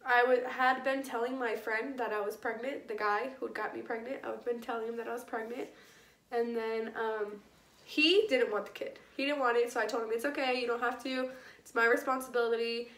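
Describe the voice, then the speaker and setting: A young woman with a slightly high voice tells her story casually, full of slang and repeating herself. She sits a little back from the mic in a roomy, echoing space. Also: steady tone, brisk, fairly bright tone, distant mic. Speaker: vlogger.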